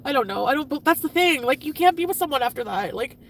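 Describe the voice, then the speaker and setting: A woman venting profanely on a livestream, swinging between shouting and muttering. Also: high voice, lively intonation, fast talker, distant mic. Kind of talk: emotional livestream rant.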